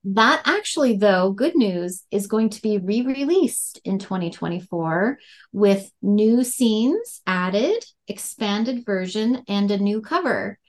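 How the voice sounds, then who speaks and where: A woman's voice: medium pitch, expressive, slow pace. Upbeat woman author chatting. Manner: upbeat, laughs often. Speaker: guest author. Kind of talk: casual interview chat.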